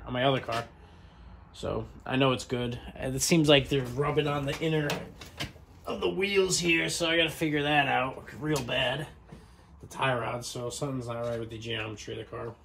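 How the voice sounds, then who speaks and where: This garage vlogger has a medium-pitched, fairly bright voice, heard over slight background noise. He chats casually and rambles while touring his car in a small home garage, swearing freely throughout.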